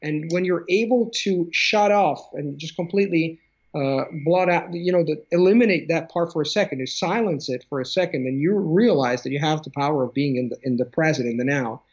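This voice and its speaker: A man's voice: a little high, brisk, slightly rough. Man explaining through lo-fi call audio. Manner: thoughtful, many restarts, explains with examples. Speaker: language coach. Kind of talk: conversational interview.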